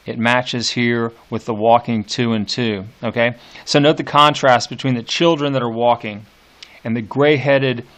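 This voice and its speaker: A man teaching a poetry lesson, unhurried and hesitant, full of fillers, reading verse lines slowly and deliberately. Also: medium pitch, a bit bright. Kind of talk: classroom lecture on poetry.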